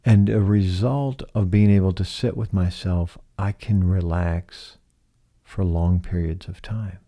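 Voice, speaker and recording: Deep gravelly soft-spoken man. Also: steady tone. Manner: slow, soft-spoken, asks many rhetorical questions. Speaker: podcast host. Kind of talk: reflective solo podcast monologue.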